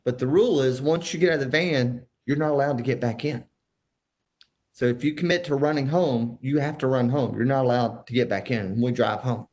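A man telling family stories as a podcast guest, animated and jumping into other people's voices. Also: medium pitch, fairly quick, lo-fi sound. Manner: animated storyteller who acts out family members' voices. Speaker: guest, father of five. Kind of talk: storytelling in conversation.

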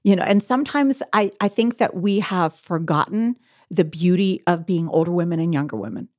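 Low-voiced woman telling her faith story. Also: animated, moderate pace, a little mellow, no echo, clean studio sound. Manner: earnest storytelling with laughter. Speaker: guest author. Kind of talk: faith-based interview conversation.

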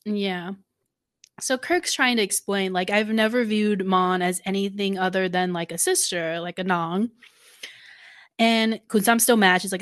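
A woman co-hosting a podcast in casual recap chat, animated, swearing freely and acting out quotes from the episode. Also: mid-range voice, measured pace, smooth. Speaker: podcast co-host.

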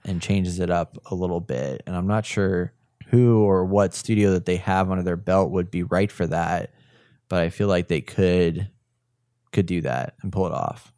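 A man's voice: sits low, moderate pace, warm tone, no room sound, clean studio sound. A man from Texas co-hosting a casual video game podcast, chatty and enthusiastic when reading the news. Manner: upbeat, enthusiastic about racing games. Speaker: podcast co-host.

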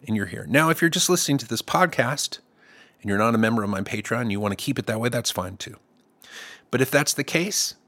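A man's voice: mid-range voice, fairly bright tone. A middle-aged man hosting his own music podcast, talking in a loose, comic, rambling way. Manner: loose, comic, with playful put-on voices. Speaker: podcast host and songwriter. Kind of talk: casual rambling monologue.

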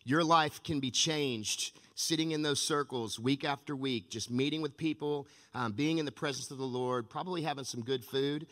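A man pastor giving an energetic, emphatic sermon in a church sanctuary, with a long church-hall reverb. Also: mid-range voice, normal speed, few pauses.

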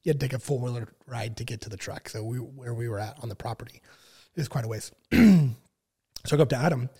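A man in his thirties telling a long story in casual chat, with many fillers and frequent throat clearing. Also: mid-range voice, fast talker. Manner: relaxed, filler-heavy, clears throat often. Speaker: podcast guest.

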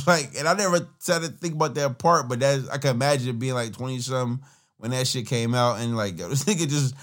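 A man's voice: medium pitch, fairly bright tone. A man hosting a podcast, giving casual, profane, rambling commentary on songs and laughing often. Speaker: podcast host reacting to music.

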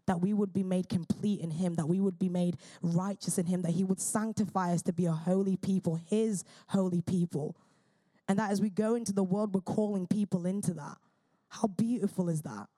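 A woman's voice: mid-range voice, dark tone. A woman preaching a sermon in an earnest, fervent way, often restarting her phrases.

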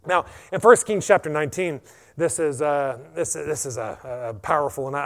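Pastor man, animated sermon delivery, plenty of amens. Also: mid-range voice. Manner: animated preaching, frequent amens.

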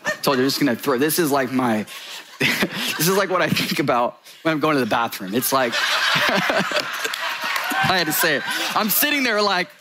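A man preaching a sermon in a church, joking and animated, laughing between his points. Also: on the high side, moderate pace, background noise.

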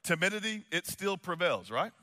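A high-pitched man preaches with a bright, sharp tone, chatty and full of fillers. His voice carries a long reverb through a big church hall. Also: moderate pace. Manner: animated, chatty, many fillers. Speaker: pastor. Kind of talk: sermon with storytelling.

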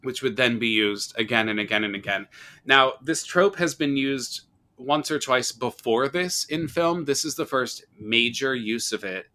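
Podcast host, male, bright lively voice, animated storyteller who acts out quotes. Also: medium pitch, measured pace. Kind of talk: casual horror movie discussion.

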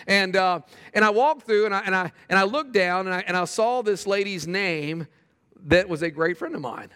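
A middle-aged male pastor preaching a sermon. He tells stories animatedly, often repeats words when he starts a sentence, and drops to quiet, fervent prayer. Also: sits high, fast talker, smooth, long reverb tail. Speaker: pastor planting a church. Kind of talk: sermon with storytelling.

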